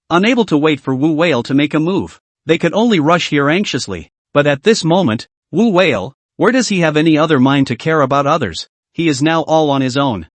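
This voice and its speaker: A man's voice: a little high, animated, a little fast, few pauses, no room sound. A man narrating a manhwa recap in a dramatic storytelling manner.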